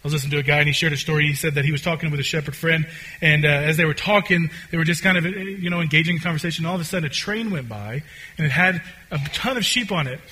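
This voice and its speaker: A man preaching a conversational sermon as a pastor, swinging between loud, excited stretches and quiet, hushed ones. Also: on the high side, rapid-fire, husky.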